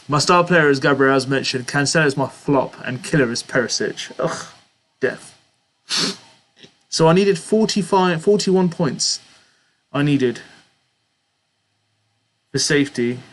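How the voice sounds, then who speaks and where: A man's voice: on the high side, slow, long pauses, fairly bright tone. A young man hosting a casual live stream, reading out viewers' chat messages and answering them in a chatty way, often laughing. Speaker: livestream host answering chat.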